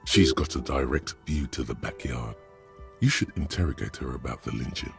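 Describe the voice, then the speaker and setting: A solemn video game narrator who speaks from inside the hero's mind. His voice sits extremely low and gravelly with rough fry on every phrase. His delivery is grave and measured, with soft music under it. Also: full character voice. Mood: ominous. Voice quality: very deep, gravelly.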